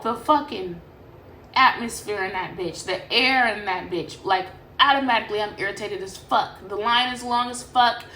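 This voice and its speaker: A woman's voice: fairly high pitch, slight background noise. A young woman from Sacramento giving a casual tarot reading to camera, rambling and swearing freely. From Sacramento, California. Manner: profane, animated, rambling. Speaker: tarot reader. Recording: echoey room with faint ambience.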